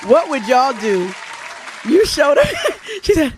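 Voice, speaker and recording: Lively, animated woman radio host. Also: high-pitched, measured pace, a crowd in the background, background noise. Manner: animated, laughs a lot, sings playful bits. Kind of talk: casual chat with listeners.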